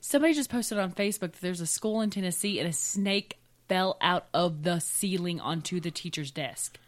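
Lady chatting, blunt and teasy, kinda low voice, gets loud and lively. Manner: animated, blunt, quick to tease. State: congested. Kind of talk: casual chat.

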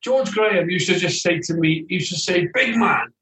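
A man as an interview guest, telling football anecdotes in an animated way and acting out other voices, recorded remotely. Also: high-pitched, brisk. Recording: roomy echo, distant from the mic.

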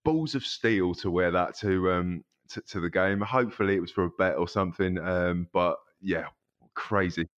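Low-voiced man, lo-fi recording. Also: a bit bright. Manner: halting, many ums, plain-spoken. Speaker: podcast co-host. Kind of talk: casual football chat. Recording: dull lo-fi sound.

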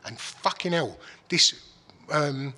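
A man's voice: on the high side, expressive, slow, pushed and bright, breathy edge. A man telling a story in casual chat, swearing freely and restarting his sentences. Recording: long hall reverb.

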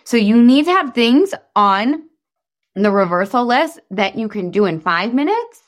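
A woman in her thirties coaching listeners in a casual, chatty talk, animated and full of fillers. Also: fairly high pitch, measured pace. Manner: breaks into voices for quotes. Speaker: weight-loss coach.

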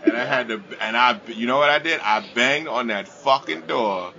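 A man's voice: mid-range voice, moderate pace, gravelly, bright, forceful tone, slight background noise. A man co-hosting a podcast, telling a story in blunt, profane casual chat. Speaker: podcast co-host. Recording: dull lo-fi audio.

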